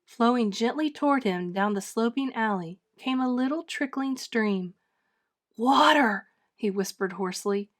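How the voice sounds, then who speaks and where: A woman reading a children's storybook aloud with dramatic, expressive narration. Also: on the high side, moderate pace, hardly any pauses. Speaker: storybook reader. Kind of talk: children's book read-aloud.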